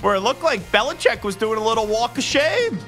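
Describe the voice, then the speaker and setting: A man's voice: very high voice, sing-song, brisk, a bit bright, faint music behind. A man hosting a sports radio show, bantering and giving blunt opinions in a casual, joking way.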